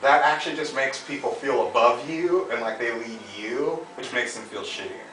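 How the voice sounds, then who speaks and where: A man's voice: mid-range voice, moderate pace, bright, forceful tone. A man coaching someone in a bossy, lecturing way. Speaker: dating coach. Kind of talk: mock coaching session. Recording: echoey room, from far off, faint noise.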